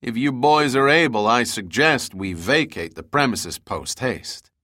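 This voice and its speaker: A man's voice: mid-range voice, expressive, unhurried, sharp tone, no room sound. A man voicing a wisecracking tough adult male sidekick in an audiobook, talking in a dry, laid-back, joking way. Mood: wry.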